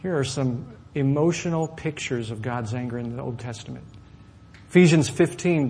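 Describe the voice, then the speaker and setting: A man preaching a sermon to a congregation, lively and often asking questions of his listeners. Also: medium pitch, moderate pace. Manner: animated, asks the audience questions. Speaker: pastor.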